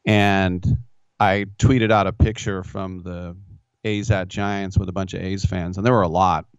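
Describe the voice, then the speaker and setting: A man's voice: sits low, flat delivery, measured pace, clean tone, dry recording. A man hosting a sports radio show, telling rambling, self-mocking stories. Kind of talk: casual sports talk radio. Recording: dull, dry studio sound.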